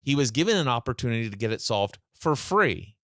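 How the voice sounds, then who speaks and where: Animated male storyteller, dry sound. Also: mid-range voice, a little fast, no echo. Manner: animated storyteller, acts out both sides of a phone call. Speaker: podcast guest, mindset coach. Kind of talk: storytelling in a podcast interview. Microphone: remote call.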